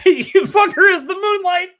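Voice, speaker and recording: A man's voice: extremely high pitch, a little slow, pushed and bright. A young man co-hosting a podcast in casual chat, teasing, laughing often and drawing out his punchlines. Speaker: podcast co-host.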